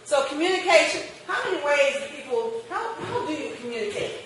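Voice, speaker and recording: A woman's voice: sits high, a little fast, slight background noise. A woman teaching a marketing class, questioning her students and acting out little customer scenes. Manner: lively, questions the class and acts out customer exchanges. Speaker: marketing instructor. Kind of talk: classroom lecture. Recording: echoey room picked up from a distance.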